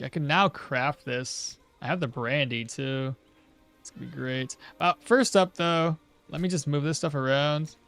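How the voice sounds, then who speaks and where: A man's voice: a little high, gravelly, a bit bright, clean tone. A young man streaming a game, chatting casually and answering viewers' questions as he plays. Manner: chatty, answering chat questions while playing. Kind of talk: casual live-stream commentary.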